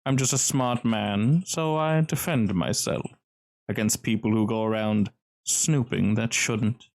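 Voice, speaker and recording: A man voicing a tall, distinguished, guarded gentleman who speaks smoothly and calmly. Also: on the low side. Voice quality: smooth, velvety. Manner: calm, measured, cagey.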